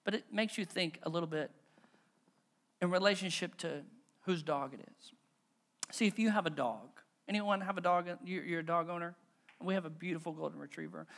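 A pastor preaching a sermon in a relaxed, conversational way, telling everyday stories with folksy humor and asking the congregation questions. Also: mid-range voice. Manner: folksy, self-deprecating humor; stumbles and repeats words when driving home a point.

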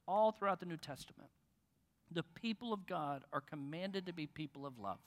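A man's voice: on the high side, lively intonation, normal speed, long reverb tail. A man preaching a sermon as pastor, conversational and joking with his congregation. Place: church in front of a congregation.

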